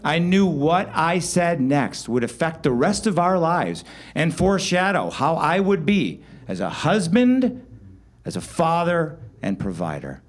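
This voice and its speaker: A man telling a comic true story live on stage, wry and animated, with sudden loud outbursts. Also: a little high, unhurried. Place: live show venue.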